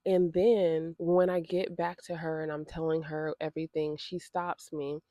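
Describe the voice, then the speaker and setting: A woman's voice: sits low, flat delivery, unhurried, dark tone, no room sound. A woman vlogger telling a personal story in a direct, indignant and emotional way, often repeating her phrases for emphasis. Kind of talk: storytime vlog.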